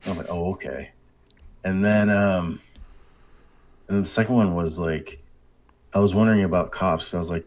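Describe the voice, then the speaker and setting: A man co-hosting a casual gaming podcast, telling excitable, sweary game stories. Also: low-pitched, normal speed, long pauses. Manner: excitable storytelling, heavy swearing. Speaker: podcast co-host.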